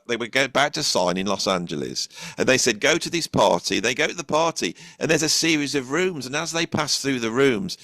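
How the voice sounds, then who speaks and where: A man's voice: mid-range voice, pushed and bright, no echo. A British man in his fifties, a music teacher hosting a casual podcast chat, rambling with many restarts. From England. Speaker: host, drummer and music teacher.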